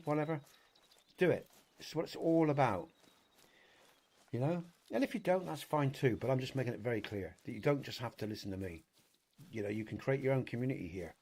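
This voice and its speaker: A man's voice: mid-range voice, darkish tone. A man with a British accent hosting a live game stream, rambling chattily to his viewers with frequent swearing and fillers. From Britain. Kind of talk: casual live-stream chat while playing a hunting game.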